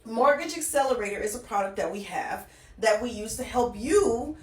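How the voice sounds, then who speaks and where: A woman's voice: fairly high pitch, expressive, normal speed, far from the mic. A woman casually walking through a mortgage example, often checking in with her listeners as she goes. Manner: conversational, checks in with "okay?" often. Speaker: financial educator. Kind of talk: casual explainer walkthrough. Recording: echoey room, voice off-mic.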